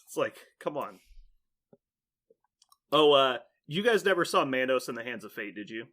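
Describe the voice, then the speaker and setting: Bright-voiced animated male podcast host. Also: medium pitch, moderate pace. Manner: animated storyteller, laughs often, rambling with many likes. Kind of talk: casual chat.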